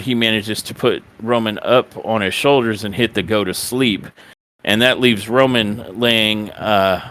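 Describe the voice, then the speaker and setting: A man hosting a wrestling podcast, telling the events of a show like an animated storyteller and acting out the quotes. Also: on the low side. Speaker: podcast host.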